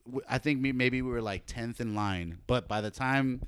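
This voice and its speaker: A young man chatting casually, telling a story with lots of animated retelling and casual swearing. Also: medium pitch, moderate pace, smooth, no echo, studio quality. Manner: animated storytelling, acts out quoted voices, laughs often, swears casually. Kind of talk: casual chat.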